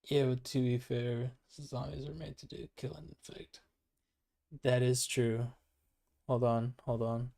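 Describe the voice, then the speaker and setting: Brief: young male gaming host, gravelly fry, relaxed casual chat, mid pitch. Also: a little slow. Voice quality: gravelly, like a chain smoker. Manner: laid-back, slangy. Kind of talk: casual chat while reviewing gameplay footage.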